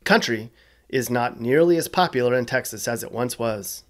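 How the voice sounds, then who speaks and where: A man's voice: mid-range voice, normal speed, fairly bright tone, soft background music. A man hosting a scripted explainer video, casual and joking with wry asides. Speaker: host.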